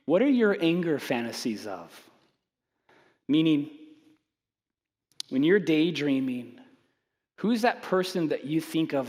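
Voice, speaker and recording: A man with a high voice preaches a sermon through humorous, self-mocking stories and acts out the people in them. His delivery is animated. The sound carries a long reverb from the hall. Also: takes it slowly, long pauses. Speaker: pastor.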